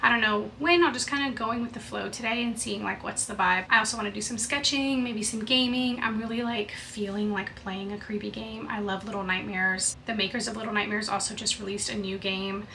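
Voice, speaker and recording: A woman's voice: mid-range voice, steady tone, fairly quick, vocal fry, few pauses, bright, forceful tone. A young woman vlogging casually at home, chatty and gushing, recorded on a basic camera mic. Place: home, indoors. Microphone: built-in camera mic, not her good mic. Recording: faint air conditioning hum.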